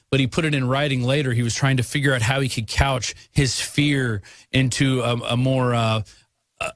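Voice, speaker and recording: Guy hosting talk radio, argues fast with lots of uh's, dry close mic. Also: medium pitch, no echo. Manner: argumentative, rapid asides, frequent fillers. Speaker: radio talk show host. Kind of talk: political talk radio monologue.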